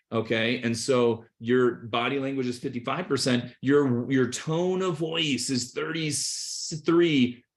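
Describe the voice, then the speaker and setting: Middle-aged guy on a video call hyping up his sales reps, energetic, keeps saying okay and right. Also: mid-range voice. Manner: energetic, enthusiastic, repeats points with "okay" and "right". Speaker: sales trainer. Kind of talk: motivational sales coaching talk.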